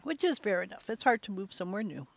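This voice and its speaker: A woman giving chatty, musing let's play commentary on a game, with bursts of excitement. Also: medium pitch, fast, vocal fry, lo-fi sound. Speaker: game streamer.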